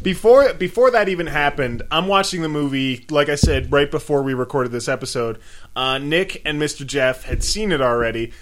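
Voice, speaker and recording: A man's voice: fairly high pitch, normal speed. A man co-hosting a casual podcast, retelling a film scene with lots of swearing and acted-out quotes. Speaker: podcast co-host. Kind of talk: casual movie chat.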